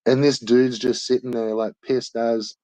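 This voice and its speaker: An Australian man chats casually, spinning a rambling, sweary story with constant fillers. His voice sits in a middle pitch. The sound is close and dry. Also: flat delivery, normal speed, mellow, no room sound, poor audio. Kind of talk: casual chat.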